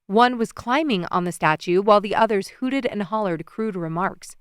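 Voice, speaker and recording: Smooth-voiced woman narrating a romance audiobook. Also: mid-range voice, normal speed, no room sound, studio quality. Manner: expressive, storytelling.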